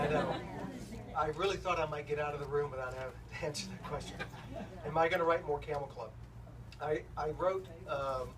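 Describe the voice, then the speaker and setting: A middle-aged man telling an anecdote to a live audience at a bookstore event, in a loose, self-deprecating storytelling manner with plenty of fillers. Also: on the high side. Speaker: author speaking at a bookstore event. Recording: distant, noisy room recording.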